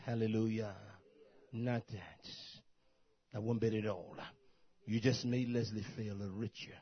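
Husky preacher man, rising to shouts. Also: lowish voice, fairly even intonation, measured pace, muffled recording. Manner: preaching in bursts, rising to loud shouts and dropping to soft asides. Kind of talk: sermon.

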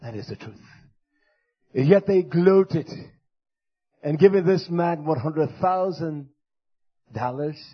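Man, pastor, fiery preaching, husky, high voice, muffled lo-fi recording. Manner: shouting, preaching to a congregation. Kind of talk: fiery sermon.

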